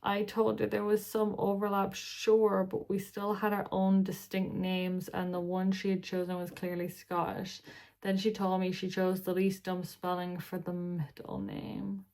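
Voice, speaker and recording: A woman's voice: mid-range voice, completely flat delivery, measured pace, a little mellow. A tired woman hosting a reaction video, reading posts aloud and breaking in with chatty asides and sighs. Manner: chatty, sighing, breaks off to talk to her pet.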